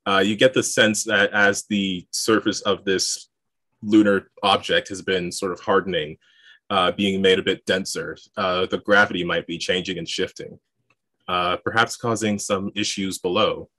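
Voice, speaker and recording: Man, game master, low voice, dry close sound, easygoing, lots of fillers. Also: moderate pace, no room sound. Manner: relaxed, laughing often, filler-heavy. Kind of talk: running a tabletop game over voice chat.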